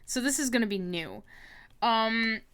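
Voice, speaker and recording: A woman's voice: a little high, expressive, measured pace, crowd noise. A woman streamer chatting casually on a livestream, rambling and giggling.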